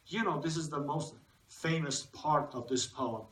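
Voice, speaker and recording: Guy w teaching a poem, bit high voice, roomy hall, mic far off. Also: slow, fairly bright tone. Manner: reads poem lines aloud and comments, asks the audience questions. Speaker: literature lecturer. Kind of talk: lecture to a live audience. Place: cinema hall.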